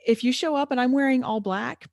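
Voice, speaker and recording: A woman's voice: sits high, a little fast, gravelly, darkish tone, no room sound, clean studio sound. Candid laughing woman in her forties. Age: 40s. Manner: candid, laughing, stumbles over words. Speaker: fitness instructor guest. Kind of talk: casual podcast interview.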